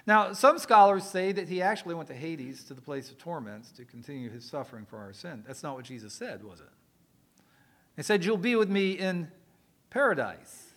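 A male preacher giving a sermon, swinging from loud emphatic lines to quiet asides and joking with the congregation. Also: on the high side, expressive, moderate pace.

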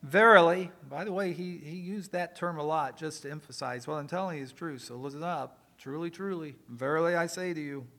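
A male preacher giving a sermon, swinging from loud emphatic lines to quiet asides and joking with the congregation. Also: a little high, brisk, hardly any pauses.

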